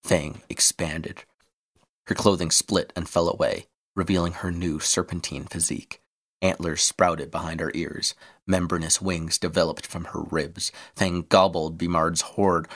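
A man reading an adventure story aloud in steady scripted narration. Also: low-pitched, measured pace.

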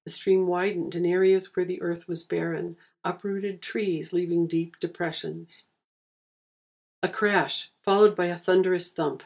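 A woman reading a fantasy story aloud with steady, wry narration. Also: on the low side, measured pace, creaky.

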